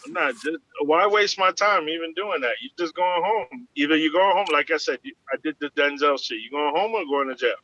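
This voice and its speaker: A man's voice: on the high side, expressive, fairly quick, hardly any pauses, pushed and bright, dry recording. A man casually retelling a confrontation at his airline job on a video call, animatedly acting out both sides of the exchange. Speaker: airline agent. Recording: dull lo-fi video call audio.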